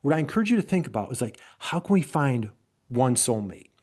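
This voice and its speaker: An enthusiastic middle-aged man with an upstate New York accent, presenting a business webinar in a voice that sits at an ordinary pitch for a man. He speaks in a motivational way and keeps asking his listeners questions. He is heard through a computer mic on a video call. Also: sing-song, fairly quick, a little mellow.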